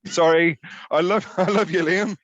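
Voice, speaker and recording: A man's voice: sits high, fairly even intonation, normal speed, no room sound, muffled recording. A man co-hosting a casual fan podcast, rambling with many fillers and the odd swear word. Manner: rambling, swears, laughs a lot. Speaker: podcast co-host.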